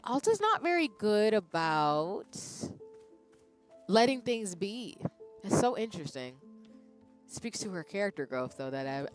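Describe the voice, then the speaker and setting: A woman streamer giving casual gameplay commentary, quietly muttering to herself while playing. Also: mid-range voice, big pitch swings, unhurried, soft background music.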